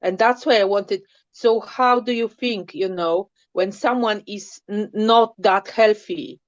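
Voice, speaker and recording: A woman's voice: medium pitch, a little slow, no echo, muffled recording. Hesitant woman asking a question. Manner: hesitant, searching for words. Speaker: workshop participant. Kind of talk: halting question to host.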